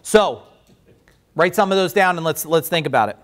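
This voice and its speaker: A man who runs a business, leading a workshop and telling stories in a lively, chatty way, acting out the other people's voices. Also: on the high side, moderate pace. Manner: animated, chatty, acts out voices. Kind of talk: storytelling in a workshop.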